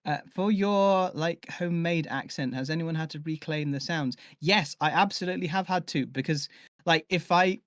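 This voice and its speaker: A man with a soft northern English accent and a fairly high voice, telling stories in a relaxed, chatty way. He laughs often as he talks. The recording is close and dry. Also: moderate pace, dry recording. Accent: soft northern English with southern influence. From England. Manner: chatty, laughs through anecdotes. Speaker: audio drama actor. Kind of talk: casual panel chat.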